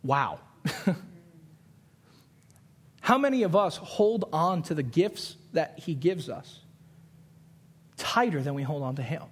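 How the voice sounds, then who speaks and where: A young man preaching from a pulpit, his voice sitting a little high for a man. He tells stories with animated put-on voices and quick asides, then turns earnest and repeats his key lines for emphasis. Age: 20s. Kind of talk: sermon.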